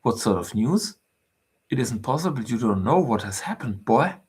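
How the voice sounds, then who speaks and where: A man reading aloud the lines of a fashionable older gentleman who is hearty and impatient. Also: medium pitch, big pitch swings, normal speed, husky, pitched below the performer's own voice.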